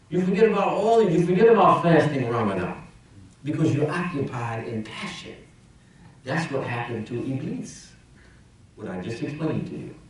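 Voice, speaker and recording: Imam, man, conversational sermon with rhetorical questions; distant, heavily reverberant hall. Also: on the high side. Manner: conversational preaching, rhetorical questions, swings loud and soft. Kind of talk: Friday sermon. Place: mosque prayer hall. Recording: very echoey mosque hall, speaker off-mic.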